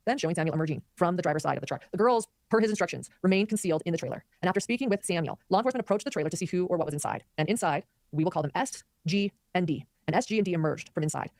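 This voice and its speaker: Woman host rattling off commentary super fast, slightly low voice, dry close mic. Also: no room sound. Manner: fast, animated, reads viewer comments aloud. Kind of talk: live commentary chat.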